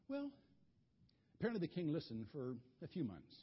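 A man telling a children's Bible story in an animated, folksy way, often repeating words, in a dull lo-fi recording. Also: on the high side, normal speed, slightly rough.

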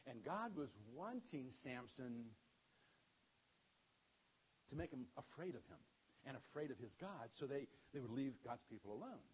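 A man, a pastor, telling a playful, animated Bible story to children. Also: mid-range voice, unhurried, long pauses, dull audio, a little hiss or hum.

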